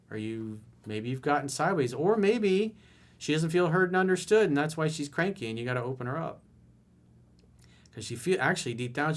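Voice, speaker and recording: A man's voice: medium pitch, fairly bright tone. A man as a dating coach, reading viewer emails aloud and answering them with blunt, casual, direct advice.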